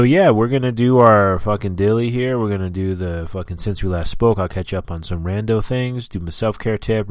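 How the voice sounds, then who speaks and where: A man's voice: fairly low pitch, dry recording, clean studio sound. A man hosting his own podcast, rambling and ranting in casual, heavily profane talk. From New York and New Jersey area. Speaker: podcast host. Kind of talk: casual solo podcast monologue.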